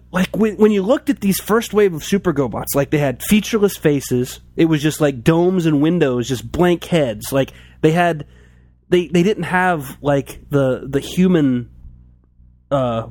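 A man's voice: on the high side, a little slow, darkish tone, no echo. A man in casual chat about toys, rambling with many restarts and filler words. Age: adult, toy collector since childhood.

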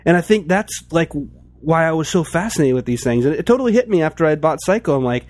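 A man's voice: on the high side, big pitch swings, quick pace, darkish tone, no room sound. A man in casual chat about toys, rambling with many restarts and filler words. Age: adult, toy collector since childhood.

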